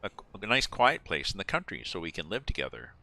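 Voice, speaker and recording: A man's voice: deep voice, huge pitch swings, fairly quick, gravelly, sharp tone, full character voice. A man voicing a naive, very proper male pig who speaks in an earnest, trusting way.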